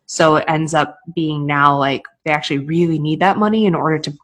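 A woman's voice: deep voice, steady tone, fairly quick. A woman, chatting casually on a podcast, filling her talk with "like". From New England. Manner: chatty, full of "like" fillers. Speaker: podcast co-host.

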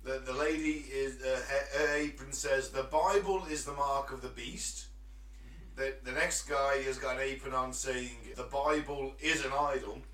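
A man's voice: medium pitch, steady tone, measured pace, fairly bright tone, recorded from a distance. A man hosting a casual comedy podcast, jokey and rambling as he tells stories. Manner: jokey and rambling, with filler restarts. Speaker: podcast host. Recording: echoey room, a bit off-mic.

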